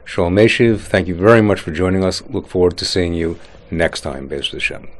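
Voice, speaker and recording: Brief: male host, deep low voice, short polite sign-off, a bit distant. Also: a little fast. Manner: brief, reverent interjections. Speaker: interviewer host.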